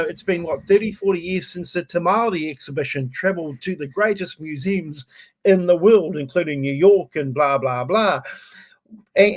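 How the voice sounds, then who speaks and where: A man with a New Zealand accent, ranting in a lively, self-mocking way as he co-hosts a casual talk show. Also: a little high. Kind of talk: casual chat.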